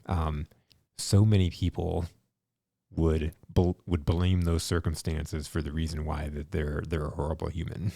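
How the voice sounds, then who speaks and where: A man's voice: rumbling low, level tone, measured pace, vocal fry, dark tone, dry recording, studio quality. A man hosting a casual interview podcast. He asks rambling, hesitant questions and repeats his words. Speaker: podcast host.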